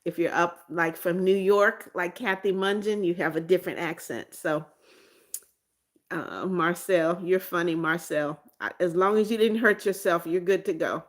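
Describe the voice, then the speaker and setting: A woman's voice: lowish voice, moderate pace. A middle-aged woman from the United States hosting a casual livestream, chatting and reading viewer comments aloud, often repeating greetings and names. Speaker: livestream host.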